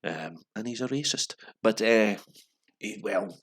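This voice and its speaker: A man's voice: lowish voice, expressive, measured pace, slightly rough. A Scottish man hosting a casual pub quiz, rambling and swearing through wry asides between questions.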